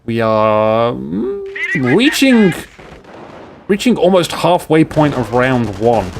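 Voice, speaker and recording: A man shoutcasting a strategy game, excitable and jokey, with rambling asides to his viewers. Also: medium pitch, measured pace, a little hiss or hum. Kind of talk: live game commentary.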